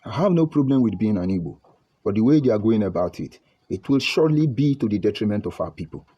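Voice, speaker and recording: Man, Nigerian English accent, middle-aged, heated rhetorical commentary, mellow tone. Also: on the low side, expressive, quick pace, breathy edge, dull audio. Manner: heated, rhetorical questions, repetition. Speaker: political commentator. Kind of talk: impassioned online monologue.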